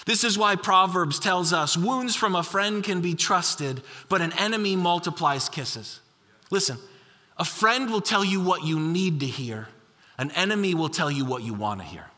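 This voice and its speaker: A man's voice: sits high, sharp tone, long reverb tail. A middle-aged male pastor preaching a sermon, telling stories with acted quotes and repeating key lines. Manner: storytelling with acted quotes and repetition.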